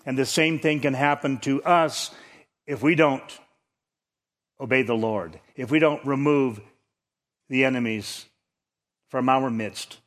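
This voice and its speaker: A man preaching a sermon as a pastor, teaching through scripture in a conversational way that lifts for emphasis. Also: medium pitch. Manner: conversational Bible teaching, rising emphasis on key points.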